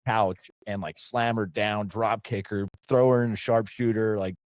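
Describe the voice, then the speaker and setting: A middle-aged podcast host from Pennsylvania rambles through a story in a relaxed way, circling back and starting over. His low voice is warm and mellow at normal speed, recorded dry and close with no echo.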